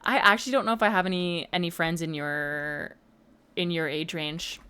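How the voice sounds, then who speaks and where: A woman's voice: lowish voice, steady tone, moderate pace, pushed and bright, smooth. Chatty playful young woman streamer. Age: mid-twenties. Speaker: livestreamer. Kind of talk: casual chat while gaming.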